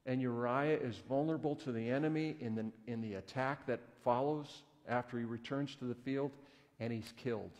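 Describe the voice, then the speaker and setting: A man's voice: mid-range voice, moderate pace, a little mellow. A man who is a pastor, telling a story in a conversational, folksy sermon in a church. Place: church sanctuary. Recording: echoey church hall.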